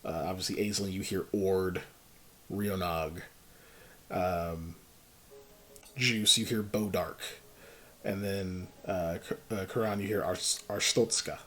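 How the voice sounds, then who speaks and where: A man narrating as game master in a relaxed, joking way with many fillers. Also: low voice, slow, long pauses.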